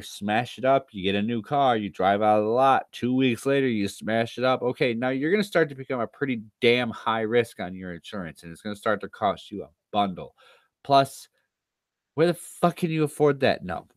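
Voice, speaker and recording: Tired, low-voiced man ranting on a stream. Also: brisk, no echo. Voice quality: profane, sarcastic. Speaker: livestreamer. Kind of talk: casual ranting livestream talk.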